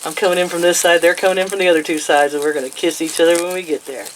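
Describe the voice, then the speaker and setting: A woman's voice: on the low side, steady tone, rapid-fire, slight background noise, low-quality recording. Older woman, grandma, casual chat to pets, coos and laughs, outdoors, faint chickens behind. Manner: coos sing-song baby talk at animals; chatty, laughs often. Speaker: vlogger.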